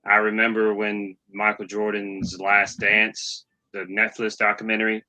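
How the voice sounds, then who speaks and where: Slow, bright-voiced reflective man. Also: lowish voice, monotone, no room sound, low-quality recording. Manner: measured, reflective storytelling. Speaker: podcast co-host. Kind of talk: casual chat.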